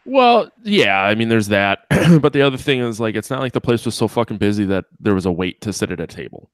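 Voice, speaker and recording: A man's voice: fairly low pitch, big pitch swings, a little fast, dry recording. Dry-sounding man trading crude jokes. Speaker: podcast co-host. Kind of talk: casual podcast banter.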